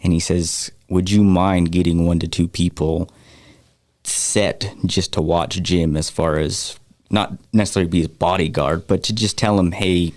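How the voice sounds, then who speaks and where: A man talking in a relaxed, easygoing way as a guest on a radio show, promoting an upcoming banquet with plenty of fillers. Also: sits low, moderate pace, dry recording, studio quality. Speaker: guest, foundation organizer. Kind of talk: casual radio chat.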